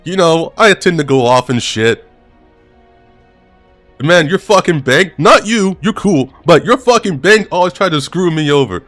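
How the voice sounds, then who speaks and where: A man voicing a furious, foul-mouthed male bank customer who yells and swears indignantly. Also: on the high side, expressive, a little slow, no echo, faint music behind, pitched above the performer's own voice. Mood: grudging.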